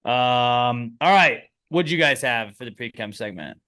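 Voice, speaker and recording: A man in his thirties co-hosting a podcast, rambling casually, swearing, and speeding up in animated bursts. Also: mid-range voice, unhurried. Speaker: podcast co-host. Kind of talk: casual chat.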